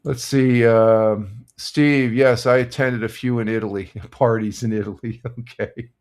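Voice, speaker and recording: An older man hosting a casual live stream, chatting in a relaxed, rambling way with lots of fillers and restarts. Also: medium pitch, unhurried. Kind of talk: casual morning chat reading sports scores and viewer comments.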